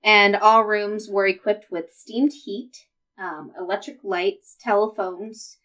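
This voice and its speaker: A woman's voice: mid-range voice, fairly even intonation, takes it slowly, fairly bright tone, rough recording. Chatty woman telling a history story. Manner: chatty, laughs often, many fillers. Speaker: podcast co-host.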